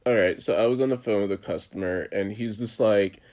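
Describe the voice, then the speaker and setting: A man's voice: fairly low pitch, a little fast, a little mellow. Giggly young male podcast co-host. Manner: laughs often while telling stories. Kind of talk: casual chat.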